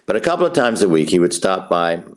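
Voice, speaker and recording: A man's voice: low voice, very animated, fast talker. An older man from New York giving a master class on writing, telling stories with wry asides and repeated phrases for rhythm. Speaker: writing professor.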